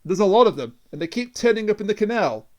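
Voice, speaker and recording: A man's voice: high-pitched, big pitch swings, fast talker. A man co-hosting a casual review podcast, dry and teasing, often laughing. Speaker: podcast co-host.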